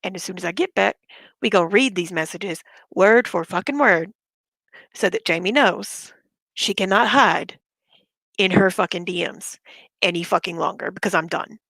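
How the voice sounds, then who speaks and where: A woman's voice: medium pitch, normal speed, vocal fry, a bit bright, no echo. A woman ranting bluntly and with a lot of swearing in a casual live stream, sick with covid and short of breath. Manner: blunt, profane, fired-up. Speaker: livestreamer.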